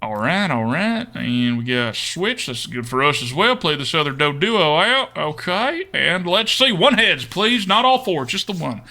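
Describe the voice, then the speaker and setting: Male streamer, put-on Texan drawl, higher pitch, playful commentary. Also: big pitch swings, moderate pace, hardly any pauses, sharp tone. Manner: playful, joking with chat, laughs often. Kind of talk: live-stream card game commentary.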